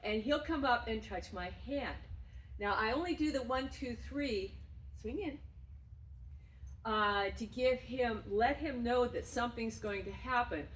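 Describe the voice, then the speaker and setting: A woman dog trainer explaining and demonstrating games with her dog, breaking into loud, effusive praise. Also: fairly high pitch, a little slow, slight background noise. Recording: roomy sound from a distance.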